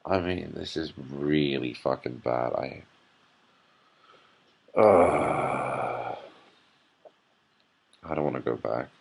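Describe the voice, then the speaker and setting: A man's voice: rumbling low, drawn-out words, gravelly, pauses often, breathy edge. A hungover man giving an irritable, swearing running commentary as a vlogger. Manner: irritable, swearing, sighing rant.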